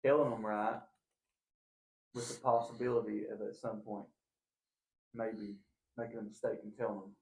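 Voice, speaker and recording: A man co-hosting a podcast, asking questions in a thoughtful, halting way. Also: lowish voice, flat delivery, gravelly, a little mellow. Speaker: podcast co-host. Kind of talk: casual interview chat. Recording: echoey room.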